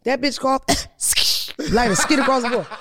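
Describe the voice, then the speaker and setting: A woman's voice: high-pitched, expressive, normal speed, heavy background noise. A woman comedian hosting a podcast, chatting casually with blunt, profane storytelling.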